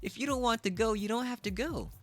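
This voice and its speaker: A man putting on a higher sing-song voice to mock a whiny self-centered boyfriend. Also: fairly quick, fairly bright tone, faint music behind. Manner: mocking, sing-song, drawn out.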